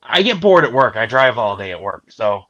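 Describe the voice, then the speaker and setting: A man's voice: mid-range voice, very animated, fairly quick, a bit bright, muffled recording. An American man on a panel show, telling a crude story casually and putting on voices for the people he quotes. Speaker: podcast panelist.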